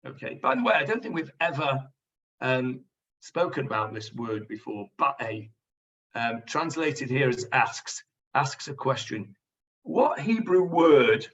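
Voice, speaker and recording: In this online Talmud lesson, the teacher's mid-range voice has a fairly bright tone, though he sits well away from the mic. Chatty and explanatory, he walks students through Hebrew words on dull, lo-fi video-call audio.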